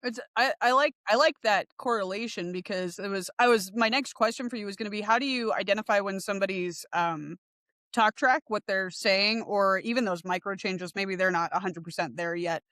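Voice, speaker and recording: A woman's voice: mid-range voice, fairly quick, a bit bright, no room sound, clean studio sound. A woman hosting a podcast interview, asking questions in a loose, conversational way. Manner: conversational, asks questions in loose, searching phrasing. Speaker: podcast host.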